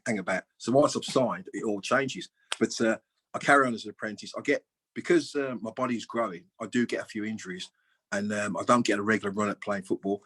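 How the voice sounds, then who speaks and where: A man in his sixties, a former footballer, is a guest on an interview podcast. He talks in a low, husky voice and spins casual anecdotes, voicing the other people in them and swearing now and then. He is speaking over a video call. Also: steady tone, quick pace, a bit bright, rough recording. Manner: chatty anecdotes, acts out quoted dialogue, swears freely.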